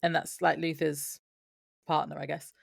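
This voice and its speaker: A woman co-hosting a relaxed podcast in a low, very gravelly voice. She picks her way through the plot with ums and quick laughs. The sound is dry and close, with no room around it. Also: dry recording. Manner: laughs often, hesitant with fillers. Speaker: podcast co-host. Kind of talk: casual chat recapping a TV episode.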